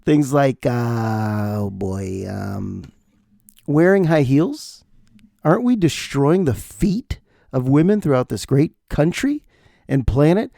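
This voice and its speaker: Gravelly, animated man ranting. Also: mid-range voice, slow, dry recording, studio quality. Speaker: podcast host. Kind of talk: comedic podcast monologue.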